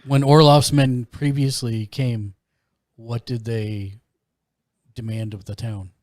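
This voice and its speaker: A man's voice: medium pitch, level tone, slow, a little mellow, dry recording, studio quality. Casual man player asking questions. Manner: questioning, with fillers. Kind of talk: casual tabletop game chat.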